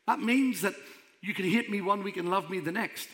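A man's voice: sits high, moderate pace, a bit bright. A man preaching a sermon as pastor, emphatic and conversational. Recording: long hall reverb.

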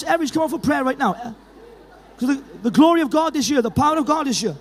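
A middle-aged man with a Welsh accent from Llanelli, preaching an animated evangelistic sermon in a church hall, full of stories and urgent calls. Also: very high-pitched, fast talker. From Wales. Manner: animated, storytelling with laughs, rising to urgent calls. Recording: reverberant hall.

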